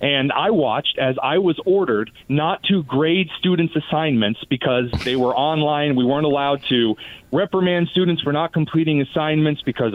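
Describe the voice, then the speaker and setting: A man calls in over a thin, tinny phone line, his voice sitting a little high for a man. He talks in a sarcastic, mocking way, and the sound is dry and close. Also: animated, moderate pace, dry recording. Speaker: guest commentator. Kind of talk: political talk radio interview.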